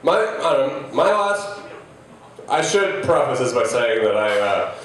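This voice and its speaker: Stand-up comic, 30s, male, self-deprecating and rambling, lively pitch, echoey live room. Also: measured pace. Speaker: stand-up comedian. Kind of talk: stand-up set. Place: comedy club stage. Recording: echoey live venue, mic heard from a distance.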